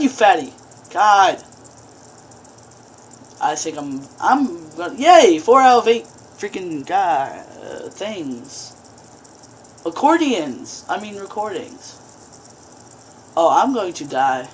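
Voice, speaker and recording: A woman's voice: on the low side, fairly bright tone, a little hiss or hum. A woman doing horror game commentary, jumpy, breaking into screams and laughs at the scares. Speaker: gaming video host.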